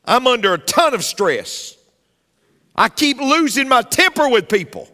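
A man's voice: very high-pitched, big pitch swings, measured pace, bright, forceful tone, pitched above the performer's own voice, heavily acted. A preacher acting out a stressed, hot-tempered man who loses his temper at his doctor, in a joke told in a sermon. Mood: exasperated. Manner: agitated, rising to an insulting snap.

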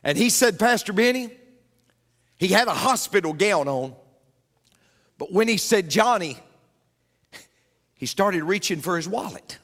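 A man preaching with a rather high voice. He tells stories from the pulpit and repeats his key lines for emphasis. His voice rings with the long reverb of a church hall. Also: animated, a little slow, long pauses, a bit bright. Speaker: pastor. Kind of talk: sermon.

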